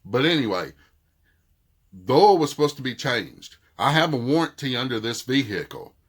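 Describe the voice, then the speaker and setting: A man's voice: mid-range voice, big pitch swings, normal speed, slightly rough. A middle-aged man with a thick Southern accent, casually retelling a dispute and quoting what each side said. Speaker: vlogger. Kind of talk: casual storytelling.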